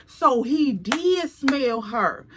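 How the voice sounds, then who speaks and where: A woman vlogger telling a casual storytime in an animated, slangy way, laughing often. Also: high-pitched, extremely slow, noisy background.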